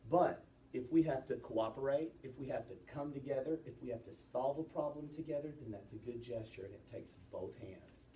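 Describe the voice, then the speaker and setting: Teacher lecturing in a roomy classroom. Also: male voice, mid-range voice, slight background noise. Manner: lively, quizzing students with quick questions. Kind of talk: classroom lesson on presentation gestures. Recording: roomy classroom sound from a distant mic, faint ambience.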